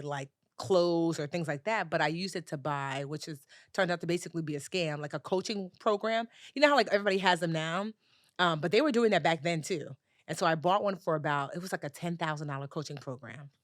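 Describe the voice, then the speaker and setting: Woman guest, mid-low voice, lively storyteller who acts out every line, dry close mic. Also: fairly quick, dry recording. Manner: animated storyteller, acts out dialogue with big pitch jumps. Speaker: personal finance educator, podcast guest. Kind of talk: storytelling in a conversational interview.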